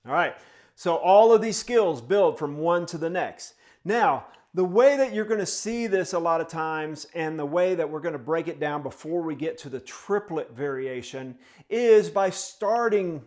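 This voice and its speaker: A man's voice: a little high, a little mellow. A man teaching a drum lesson step by step, speaking the rhythms aloud in syllables as he demonstrates them.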